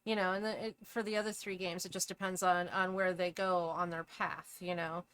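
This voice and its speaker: A woman's voice: lowish voice, flat delivery, fairly bright tone, clean tone, no room sound. Chatty woman co-hosting a game talk. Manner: chatty, casual, quick agreement. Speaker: co-host. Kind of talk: casual podcast chat.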